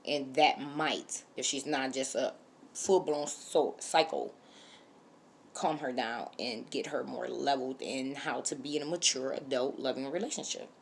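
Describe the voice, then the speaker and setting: Woman, low voice, opinionated, animated, casual vlog commentary. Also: unhurried, vocal fry, a little hiss or hum. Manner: opinionated, animated, speaks straight to viewers. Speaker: reality TV reviewer.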